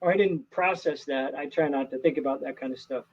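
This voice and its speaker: Husky man, animated and earnest. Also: fairly high pitch, brisk, highs cut off. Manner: earnest, animated storyteller with many restarts. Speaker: actor, interview guest. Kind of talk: casual interview chat.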